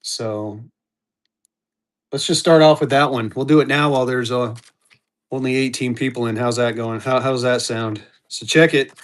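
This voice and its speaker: A man's voice: medium pitch, steady tone, normal speed. A man hosting a live-stream auction, rambling casually and talking straight to his viewers. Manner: rambling and chatty, restarts, talks to viewers by name. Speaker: host of a live online auction.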